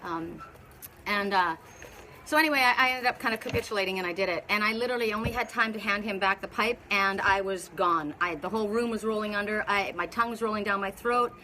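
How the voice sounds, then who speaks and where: A woman's voice: medium pitch, fast, sharp tone, a little hiss or hum. A woman spiritual teacher talking casually on a live video, telling a story in a rambling way with many restarts. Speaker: spiritual teacher and oracle reader.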